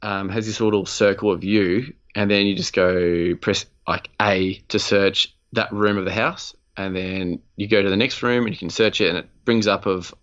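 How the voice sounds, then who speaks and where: A man's voice: on the low side, fairly even intonation, moderate pace, few pauses, fairly bright tone, lo-fi sound. A man, co-hosting a podcast in loose, rambling casual chat, swearing freely. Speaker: podcast co-host.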